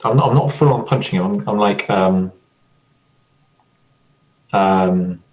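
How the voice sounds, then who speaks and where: Deep-voiced player, dull recording. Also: male voice, a little mellow, slight background noise. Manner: halting, repeats words. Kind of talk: playing a tabletop game.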